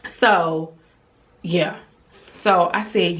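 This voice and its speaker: Casual mom vlogger in her 30s, chatty storytime voice, middle pitch, talks right to y'all. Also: unhurried. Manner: chatty and animated, addresses viewers as y'all; acts out quoted dialogue, dropping to a whisper for her child. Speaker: vlogger telling a family story.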